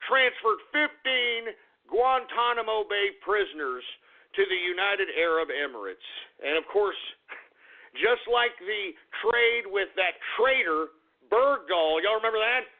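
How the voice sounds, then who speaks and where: A man's voice: high-pitched, expressive, measured pace. A man hosting a talk radio show, ranting angrily and profanely at his listeners. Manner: angry, profane, repetitive ranting. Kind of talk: political rant on talk radio. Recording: tinny phone-like radio audio.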